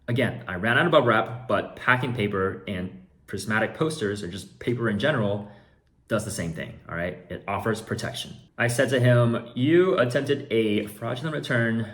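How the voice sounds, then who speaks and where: A man's voice: on the low side, animated, moderate pace, a bit bright. A man who runs an online card shop, telling a story in a casual vlog with exasperated, sarcastic asides.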